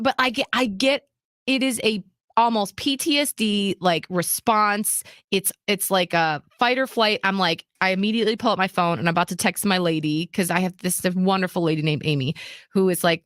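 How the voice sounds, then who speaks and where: A woman co-host in casual, candid talk-show chat, lively as she acts out everyone in her story and swears freely. Her voice sits at a middle pitch. The sound is dry and close, with no room around it. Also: fairly quick, no echo.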